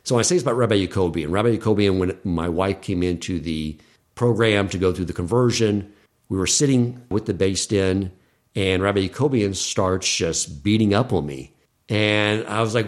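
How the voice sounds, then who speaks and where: A man's voice: lowish voice, moderate pace. A middle-aged man, a podcast guest, earnestly telling a personal story in casual conversation and acting out the dialogue he quotes.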